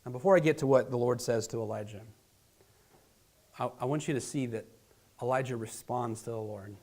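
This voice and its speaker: Earnest pastor, loud then hushed. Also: male voice, medium pitch, fairly quick. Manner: dramatic, swings from loud emphasis to hushed near-whispers; earnest, direct address to listeners. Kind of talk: sermon.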